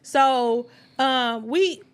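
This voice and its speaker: A woman's voice: high voice, extremely slow, clean tone. A woman telling a story in casual chat, acting out every quote with animation. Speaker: podcast co-host.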